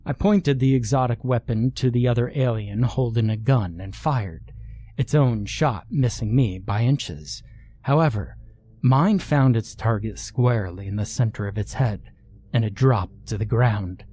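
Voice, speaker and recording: Male horror narrator; deliberate, slow delivery, dark mellow tone. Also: medium pitch. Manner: measured, deliberate storytelling. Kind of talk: scripted horror story narration.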